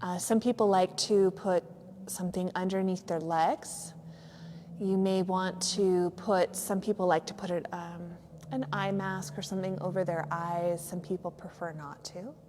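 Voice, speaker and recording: A woman yoga teacher gently and slowly guiding a yoga nidra relaxation in a studio, with a few fillers. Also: fairly low pitch, steady tone, big-room sound, noisy background. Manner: soft, slow, soothing guidance with some fillers. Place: yoga studio on a cold evening.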